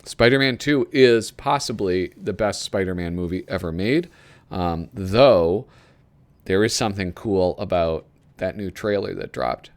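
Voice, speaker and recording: A man with a low voice, speaking a little slowly, hosts a casual video as he flips through a magazine. He reads passages aloud and rambles about them in casual commentary, chuckling often.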